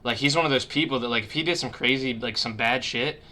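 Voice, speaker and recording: A man's voice: medium pitch, fast talker, bright, forceful tone. A young man hosting a casual stream podcast from his room, rambling with lots of swearing and fillers. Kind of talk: casual chat on a livestream. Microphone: webcam mic on a video call.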